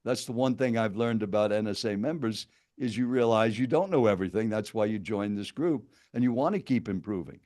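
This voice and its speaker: A man's voice: fairly low pitch, fairly quick, hardly any pauses, a little mellow. An older man presenting an interactive seminar, telling a story straight to his listeners. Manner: storytelling, addresses listeners directly. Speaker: presenting speaker.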